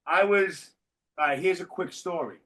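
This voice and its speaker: A man whose voice sits high talks at a moderate pace while hosting a podcast. He tells stories casually and with energy, dropping swear words freely.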